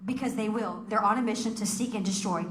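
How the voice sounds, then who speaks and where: A woman's voice: medium pitch, fast, fairly bright tone. A woman giving a fiery political speech to a local group, firing off emphatic rhetorical questions. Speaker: political speaker. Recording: echoey room.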